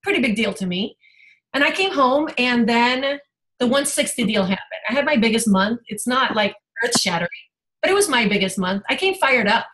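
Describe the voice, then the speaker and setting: A woman's voice: a little high, animated, moderate pace, a bit bright, poor audio. A woman health coach giving an emotional, rambling personal testimony on a team video call.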